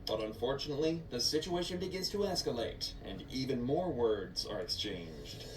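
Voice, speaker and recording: A man's voice: mid-range voice, expressive, loud music behind the voice. A man reading a scripted narration that explains the law step by step. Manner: explanatory, measured legal breakdown. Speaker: video narrator. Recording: echoey distant voice-over with background hum.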